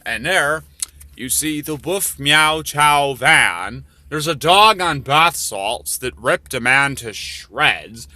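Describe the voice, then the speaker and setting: A man's voice: a little high, lively intonation, slow, sharp tone. A man reading his own story aloud, with rambling, profane, offhand commentary between passages.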